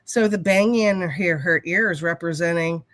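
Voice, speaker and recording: A woman co-hosting a casual talk show and telling a story in a blunt, animated way, swearing freely. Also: fairly low pitch, normal speed, no room sound. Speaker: talk show co-host, hypnotherapist.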